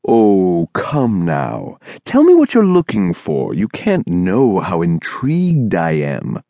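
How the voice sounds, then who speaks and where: A man's voice: sits low, wildly swooping pitch, warm tone, dry recording, full character voice. A man doing an eerie sing-song thin giant. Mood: coaxing. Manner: slow, coaxing, commanding. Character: eerie towering thin male stranger, pushy. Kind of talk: audiobook character voice.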